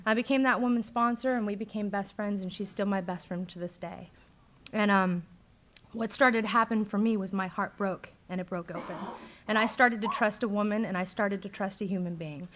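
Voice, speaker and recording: A young adult woman shares her own story at a recovery meeting, speaking candidly and emotionally with many fillers. Her voice is mid-range and fairly bright, steady in tone, at normal speed.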